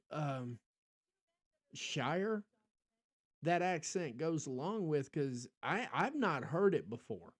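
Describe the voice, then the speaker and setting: American guy rambling on his podcast stream, lots of ums, chatting back to viewers, slightly high voice. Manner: rambling, talks back to chat, frequent ums. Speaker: podcast host. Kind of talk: casual livestream chat.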